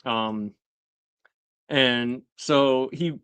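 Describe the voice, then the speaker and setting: A man talks through a TV episode in casual, rambling chat, leaning on fillers and jumping into little acted-out quotes. His voice is bright and smooth, and it sits close and dry with no room around it. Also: drawn-out words, dry recording. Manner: rambling, many fillers, acts out quoted lines with shifting pitch. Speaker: host recapping a TV episode.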